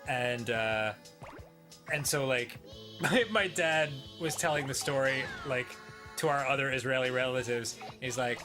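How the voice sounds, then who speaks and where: A man co-hosting a casual comedy show, telling family stories in an animated way and often laughing. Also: medium pitch, unhurried, over music. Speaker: co-host.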